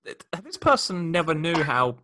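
A man's voice: fairly high pitch, sing-song, moderate pace, bright, forceful tone. A man co-hosting a casual podcast, sharing film trivia in an amused, chatty way. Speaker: podcast co-host. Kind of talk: casual film recap chat.

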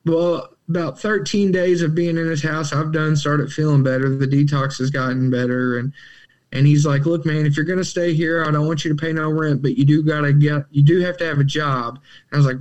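A young man, his voice pitched a bit higher than most men's. He tells his story in casual, animated conversation, acting out the quotes and laughing often. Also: fairly quick, dull audio. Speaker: podcast guest in recovery.

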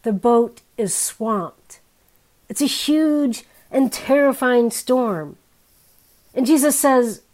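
A woman in her fifties preaching a sermon in a candid, wry, conversational way, her pitch and loudness swinging widely. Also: expressive, slow pace.

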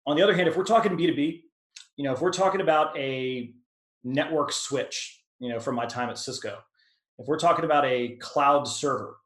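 A man instructor talks through questions on a video call, loose and conversational, full of ums and restarts. His voice sits at an ordinary middle pitch. The sound has a roomy echo around it. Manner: conversational, lots of filler words and restarts. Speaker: product management instructor. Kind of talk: webinar Q&A answer.

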